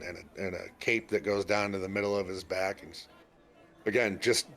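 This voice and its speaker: Running a tabletop RPG session, a man narrates in a wandering way, packed with fillers and false starts. He has a somewhat bright voice that sits on the low side.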